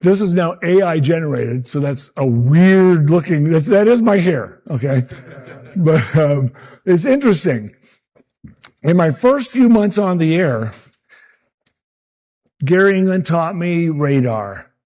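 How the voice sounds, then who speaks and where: A man in his sixties, a meteorologist telling animated stories about his early career and acting out the people he quotes. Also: on the high side, slow, long pauses. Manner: animated anecdotes, acts out quotes. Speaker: meteorologist speaker at a summit. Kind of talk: storytelling talk.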